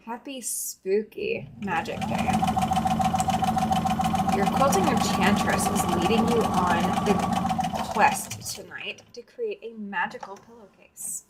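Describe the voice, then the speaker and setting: A woman's voice: medium pitch, lively intonation, takes it slowly, very noisy. A woman hosting a live quilting stream, chatting casually and greeting viewers by name while she sews. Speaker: quilting livestream host.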